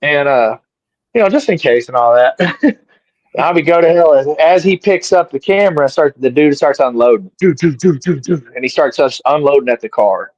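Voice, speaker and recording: A man's voice: on the high side, moderate pace, dry recording. Middle-aged man telling a story. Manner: animated, acts out his own quotes. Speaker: interview guest, fighter. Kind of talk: casual storytelling. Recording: dry, slightly dull sound.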